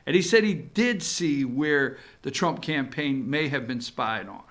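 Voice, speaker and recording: A man's voice: medium pitch, lively intonation, unhurried, a bit bright. A male talk show host giving a sarcastic opinion monologue on the news, speaking straight to his viewers. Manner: sarcastic, talks to viewers directly.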